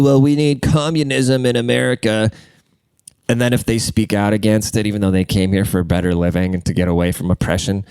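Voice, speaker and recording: A man's voice: deep voice, clean tone, no room sound. A young man hosting a podcast alone, talking crude and rambling, and congested. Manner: crude, rambling, jumps between loud and muttered. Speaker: podcast host. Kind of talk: casual solo podcast rant.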